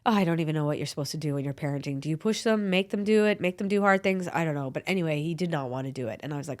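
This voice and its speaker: Low-pitched woman podcast host, chatty, tells a story and does the voices. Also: very fast, few pauses. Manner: storytelling, animated, quoting herself and her son. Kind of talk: casual chat.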